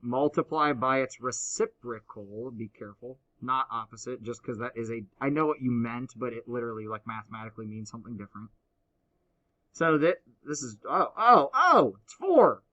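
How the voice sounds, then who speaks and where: A man teaching a high school math class, explaining step by step and teasing his students. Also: brisk, fairly bright tone, dull audio. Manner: playful, teasing banter with students. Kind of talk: classroom lecture.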